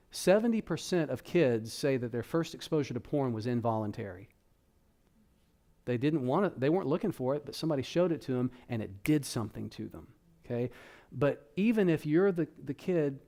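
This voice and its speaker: A man speaks to a room of parents at a church workshop. His tone is warm and mellow, and he talks to the crowd in a casual, direct way. His pitch sits in a middle range. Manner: conversational, addresses audience directly. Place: church hall.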